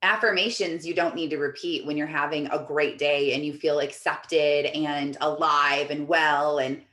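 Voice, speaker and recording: A woman's voice: low voice, fairly even intonation, moderate pace, sharp tone, echoey room. A woman life coach hosting a group video call, chatting casually and reading out comments from the chat in an upbeat, encouraging way.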